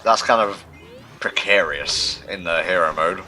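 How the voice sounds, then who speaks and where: Male stream co-host, lowish bright voice, chatty, reads chat aloud. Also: a little slow. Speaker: livestream co-host reading chat. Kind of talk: casual gaming livestream chat.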